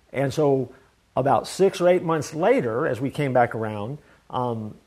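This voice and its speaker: A man preaching a sermon in an earnest, conversational way, telling a personal story with many restarts. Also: a little high. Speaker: pastor.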